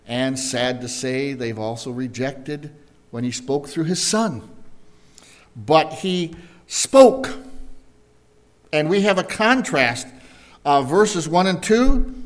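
Slow-paced male Bible teacher. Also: a little high. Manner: slow, deliberate, asks the congregation questions. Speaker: preacher.

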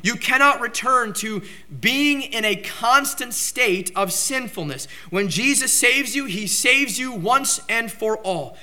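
A man preaching a sermon with emphatic delivery, surging into loud outbursts on key points. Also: very high voice, animated, takes it slowly, few pauses. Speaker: pastor.

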